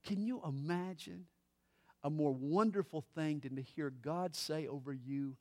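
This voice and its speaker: A middle-aged man, a pastor, preaching a sermon with dramatic pauses and touches of humor. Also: fairly high pitch, dark tone.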